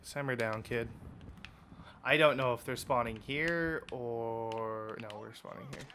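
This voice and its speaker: A young man giving casual, excitable commentary over his own gameplay, swearing often and trash-talking opponents. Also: mid-range voice, measured pace, noisy background. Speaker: gaming YouTuber.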